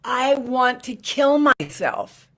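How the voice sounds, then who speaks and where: A woman voicing a despairing tall, skinny man who yells in anguish. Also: mid-range voice, sing-song, moderate pace, voice pushed up. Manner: yelling, anguished.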